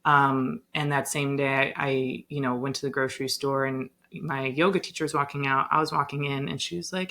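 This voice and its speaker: A young woman, a yoga teacher, telling a personal story in a casual podcast chat, animated and full of "like" and "um". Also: low voice, brisk, gravelly, hardly any pauses. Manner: animated, lots of "like" and "um".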